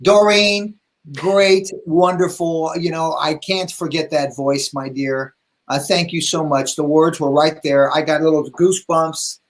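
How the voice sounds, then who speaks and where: A man's voice: a little high, steady tone, a little slow. A man hosting a casual video interview, effusive and affectionate with his guest. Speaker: host.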